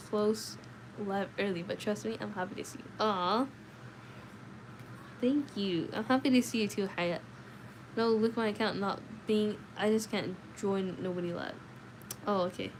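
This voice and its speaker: A young woman streaming live as she reads a novel aloud, louder on the dialogue and chatting casually with viewers between passages. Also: mid-range voice. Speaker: livestreamer reading a novel aloud. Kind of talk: reading aloud with chat asides. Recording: faint background noise.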